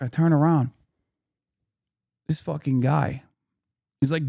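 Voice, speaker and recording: A man's voice: on the high side, normal speed, vocal fry, pauses often, warm tone, no echo, studio quality. Profane, indignant male streamer. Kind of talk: casual commentary.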